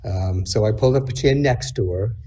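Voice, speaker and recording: A middle-aged man delivers a eulogy at a memorial service, his voice mellow and a touch husky. He talks in a halting, reflective way, with pauses and small fillers. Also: fairly low pitch. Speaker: eulogy speaker, son.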